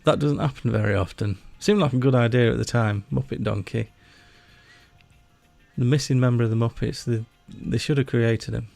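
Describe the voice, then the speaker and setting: A man with a broad Yorkshire accent chats loosely through a gaming livestream, joking and rambling as he answers his viewers. His voice carries a gravelly rasp. It is picked up close and dry, with faint music playing underneath. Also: medium pitch, normal speed, darkish tone, no echo. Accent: Yorkshire English. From Yorkshire, England. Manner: chatty, jokey, rambling, talks to chat. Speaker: livestream host. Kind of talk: casual gaming livestream chat.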